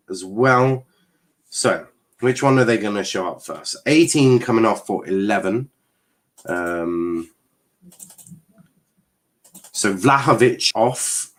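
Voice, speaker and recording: An English man hosting a live stream in casual chat, laughing often, repeating words and reading out viewer comments with sarcastic asides. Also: lowish voice.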